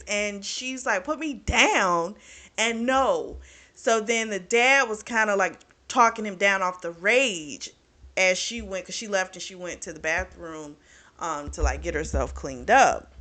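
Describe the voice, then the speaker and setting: A woman with a bright, forward voice retells a book's plot in a loose, animated way. She fills her talk with "like" and "you know" and swears freely as she recaps. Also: medium pitch. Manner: chatty, profane, animated retelling with lots of fillers. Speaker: book reviewer. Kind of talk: casual book recap.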